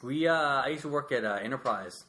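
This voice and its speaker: A man's voice: medium pitch, fairly quick, sharp tone. A man telling stories in casual podcast chat, laughing often as he talks.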